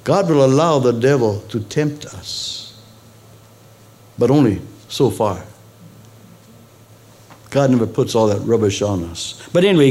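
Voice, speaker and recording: Animated preaching man, wide swings. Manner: animated preaching with sudden high emphatic peaks; conversational asides to the congregation. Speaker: pastor. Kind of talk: sermon.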